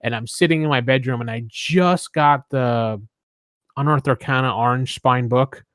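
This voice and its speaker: A man with a faint New York accent, a guest game designer, telling animated stories in casual chat with stammered restarts. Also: mid-range voice, moderate pace, clear, resonant tone, dry recording, clean studio sound.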